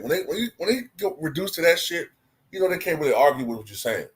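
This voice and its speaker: A man's voice: a little high, big pitch swings, quick pace. A man hosting a casual online stream, rambling and repeating himself. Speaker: online show host. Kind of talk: casual livestream talk.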